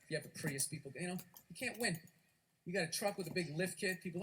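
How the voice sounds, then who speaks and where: A man's voice: high-pitched, fast, background noise. A man doing stand-up comedy on stage, ranting and swearing in a conversational way.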